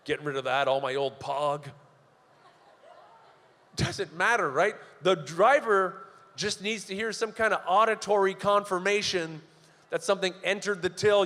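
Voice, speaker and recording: In a live venue hall with long reverb, a young Canadian man does stand-up in a fairly high, somewhat bright voice. He delivers sardonic, profane stories at a brisk clip.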